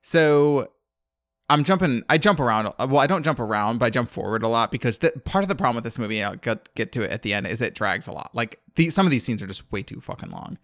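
A man's voice: mid-range voice, lively intonation, quick pace, a bit bright, dry recording, studio quality. A man from the American South casually recapping a movie as a podcast co-host, rambling and laughing often. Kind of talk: casual chat.

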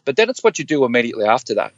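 A man's voice: mid-range voice, racing, dry recording, dull audio. Earnest man telling stories. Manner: earnest, animated, acts out quoted dialogue. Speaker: guest, former police officer. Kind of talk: candid conversational storytelling.

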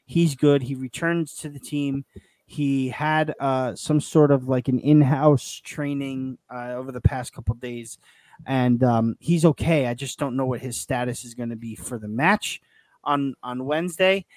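A man hosting a sports podcast, talking in an excitable, rambling way with many restarts. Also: mid-range voice, a little slow, no echo. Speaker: podcast host. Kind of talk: casual sports chat.

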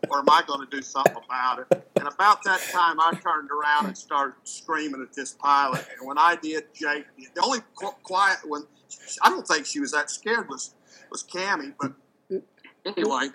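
A man telling a story in casual conversation, animated, stumbling over repeated words and acting out the voices of the people in it. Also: fairly high pitch, normal speed, long pauses, poor audio.

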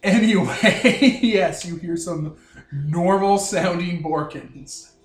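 A man running a tabletop game and trading jokes with his players. He is quick and self-mocking, with a slightly high voice. The sound is echoey with faint music behind. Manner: joking, self-deprecating, quick banter. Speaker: game master.

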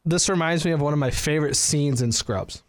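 A man's voice: on the high side, a little fast. A man with a slightly raised voice, chatting loosely as a podcast co-host. He jokes around and acts out lines of dialogue as he tells a story. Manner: animated, jokey, acts out quotes. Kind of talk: casual banter.

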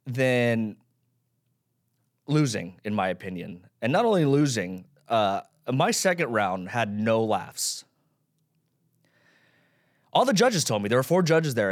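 A man in his thirties hosting his own podcast, ranting casually about himself, swearing and rambling. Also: on the low side. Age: 30s. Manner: self-deprecating, swearing, rambling. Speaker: podcast host. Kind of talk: casual solo rant.

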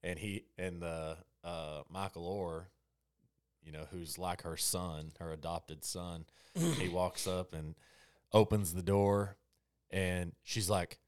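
A man talking reflectively in casual conversation, halting with restarts. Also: deep voice, fairly even intonation, a little mellow, clear, resonant tone, no echo. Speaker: podcast co-host.

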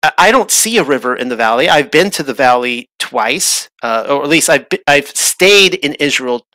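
A man with a bright, forward voice talks through a Bible chapter on his podcast, recorded dry and close. He thinks aloud as he goes, restarting phrases and pausing with fillers. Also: medium pitch, animated, no room sound, rough recording. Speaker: podcast host. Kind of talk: casual Bible study talk. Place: traveled to Israel.

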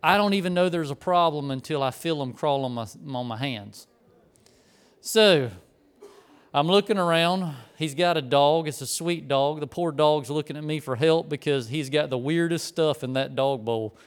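A man's voice: on the high side, normal speed, clear, resonant tone. A middle-aged man, preaching a conversational, folksy sermon and telling a story. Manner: rambling, folksy, self-correcting.

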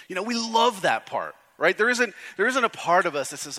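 A man's voice: high voice, sing-song, a little fast, few pauses, bright, forceful tone. A man preaching a conversational sermon as pastor, with frequent restarts, in a large church hall. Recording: hall reverb.

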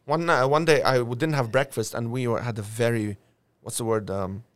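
A man in his fifties from Lebanon, telling animated anecdotes in casual chat, laughing often and restarting his sentences. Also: mid-range voice, normal speed, no room sound.

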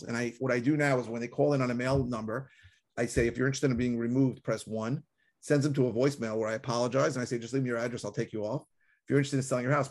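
A fast-talking man co-hosts a relaxed podcast conversation. He tells stories with energy and acts out the callers he describes. His pitch sits in the middle for a man. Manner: animated storyteller, acts out callers. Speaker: podcast co-host.

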